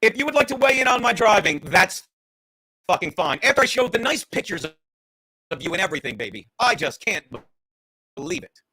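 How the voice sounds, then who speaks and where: A man's voice: high-pitched, big pitch swings, normal speed, pauses often, pushed and bright, slightly rough. A man hosting a livestream podcast, chatting casually with viewers in a rambling, joking, profane way.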